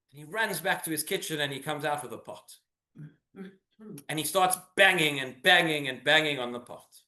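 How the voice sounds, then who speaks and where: A man's voice: sits high, moderate pace, pauses often, bright, forceful tone, roomy sound. A man, a rabbi, giving an earnest sermon full of rhetorical questions in a synagogue.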